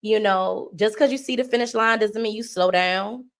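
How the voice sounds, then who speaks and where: A woman's voice: medium pitch, moderate pace, fairly bright tone. A woman hosting a livestream, giving a heartfelt mock-funeral tribute in a homey, sermon-like cadence. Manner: homey and emotional, slipping into churchy cadence. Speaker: livestream host.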